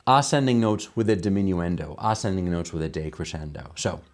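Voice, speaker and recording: A man explaining a piano arrangement in a tutorial, enthusiastic and relaxed, musing aloud between examples. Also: deep voice, a little fast. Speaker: piano teacher. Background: piano playing.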